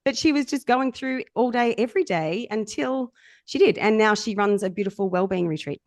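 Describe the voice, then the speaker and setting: A woman tells lively stories from her coaching work, laughing often as she goes. Her voice sits in a middle range. The sound is dry and close. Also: mid-range voice, moderate pace, no room sound. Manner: animated, laughing often, acting out quotes. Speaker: somatic coach, guest. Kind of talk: storytelling in casual chat.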